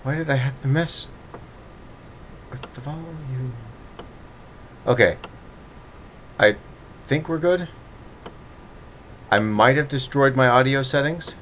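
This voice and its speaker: A man's voice: mid-range voice, slow, long pauses, a bit bright, slight background noise. A man hosting a live stream, chatting casually, laughing often and teasing his guest eagerly. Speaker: streamer hosting a story reading.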